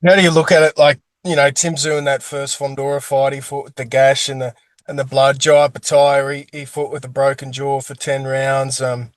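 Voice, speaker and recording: A man's voice: mid-range voice, level tone, moderate pace, no echo. A man hosting an interview, asking hesitant, casual questions. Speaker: interviewer, host.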